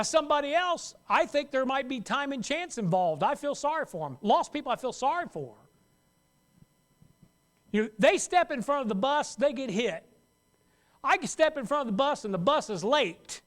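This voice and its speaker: A man's voice: very high-pitched, sing-song, moderate pace, long pauses, a bit bright. A man preaching a sermon as pastor, talking conversationally and acting out worried voices. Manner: conversational, acts out worried voices, laughs at own jokes.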